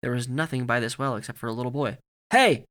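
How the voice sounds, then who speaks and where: A man reading a story aloud in a steady, grave narrating manner. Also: mid-range voice, rapid-fire, clear, resonant tone.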